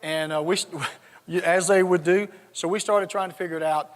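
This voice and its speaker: A folksy older man from South Georgia speaks with a Southern accent and a fairly high voice. He tells funny stories to an audience. A long reverb rings around him in a big conference hall. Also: steady tone, normal speed. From South Georgia, USA. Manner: folksy, humorous storyteller. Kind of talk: storytelling keynote with jokes.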